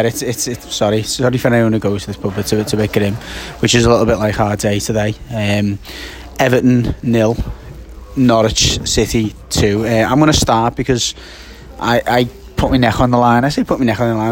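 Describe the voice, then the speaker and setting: A man, a little out of breath, co-hosting a casual post-match football reaction and stumbling over his words. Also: fairly low pitch. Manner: halting, many restarts and fillers. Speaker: football podcast co-host.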